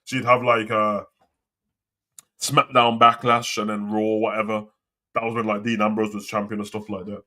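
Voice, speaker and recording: A man's voice: fairly low pitch, little pitch movement, normal speed, bright, forceful tone. A young man hosting a live wrestling talk show, ranting and swearing in casual slang. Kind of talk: casual live commentary and rant.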